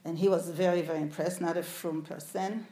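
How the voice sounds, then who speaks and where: A woman's voice: fairly low pitch, fairly even intonation, a little fast, mellow. Woman telling stories in an echoey room. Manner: storytelling, puts questions to the audience. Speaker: speaker recalling her father before an audience. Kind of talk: anecdotal talk to a live audience.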